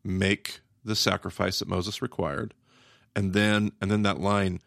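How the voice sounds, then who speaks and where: A man co-hosting a podcast, talking thoughtfully and haltingly as he searches for words. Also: deep voice, level tone, vocal fry, a bit bright, dry recording, studio quality. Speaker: podcast co-host. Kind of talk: casual discussion.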